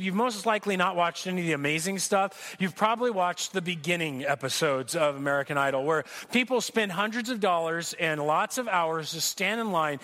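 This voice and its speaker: A man preaching a sermon in church, telling jokey stories in an animated way, with asides to the congregation. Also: sits high. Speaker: pastor. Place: church sanctuary.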